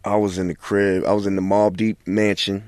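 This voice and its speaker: This man in his forties is a rapper guesting on a casual interview, speaking laid-back and leaning heavily on fillers like "you know what I'm saying." His voice is lowish, level, and darkish, and he talks fairly quickly. The recording is dry and of studio quality.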